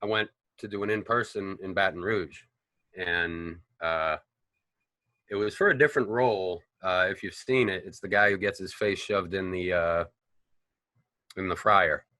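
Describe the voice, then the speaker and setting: Actor guest, lower pitch, forceful tone, loose profane anecdotes. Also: male voice, moderate pace, no echo. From Boston, United States. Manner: animated, profane, rambling storyteller. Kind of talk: casual interview storytelling.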